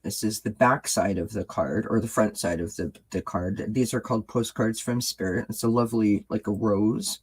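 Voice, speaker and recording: A man hosting his tarot channel, talking casually and earnestly to viewers, halting with many ums and restarts. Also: on the low side, steady tone, slightly rough, rough recording. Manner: earnest and gentle. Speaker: tarot reader and channel host.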